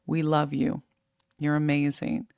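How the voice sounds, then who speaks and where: A woman hosting a live fitness stream, giving energetic, preachy, faith-based motivation and reading out viewer comments. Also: low-pitched, unhurried, vocal fry, clean tone, dry recording, clean studio sound. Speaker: host of a live fitness show.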